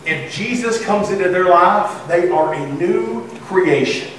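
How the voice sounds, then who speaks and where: A man, a pastor, preaching a sermon in a church. He is lively and humorous, with bursts of excited shouting. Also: sits high, unhurried, slight background noise. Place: church sanctuary. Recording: echoey church from far off.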